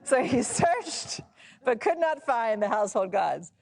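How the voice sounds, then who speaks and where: A woman in her thirties leads a relaxed Bible lesson in a fairly high voice that swings freely up and down. She talks in a chatty, expressive way and laughs often as she explains. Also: measured pace, creaky. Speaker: Bible study teacher. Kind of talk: casual Bible teaching.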